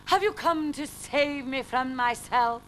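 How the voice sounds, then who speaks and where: Woman doing a jumpy villain guy from a storybook, high and shouty. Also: measured pace, slight background noise. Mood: agitated. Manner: exclaiming, high and loud. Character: scheming villainous man, weary and rattled.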